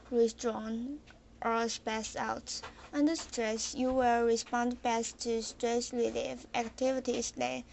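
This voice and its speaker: A young woman, a student, reading an article aloud in a halting way, often restarting words she cuts off. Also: on the high side, a little mellow, poor audio. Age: young adult.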